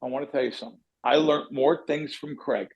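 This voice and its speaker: A man's voice: mid-range voice, fairly even intonation, fairly quick, breathy edge, dull audio. A man hosting a betting podcast, telling long rambling stories in casual chat, cursing freely and drifting off on tangents. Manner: rambling storyteller who curses and goes off on tangents. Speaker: podcast host, sports bettor.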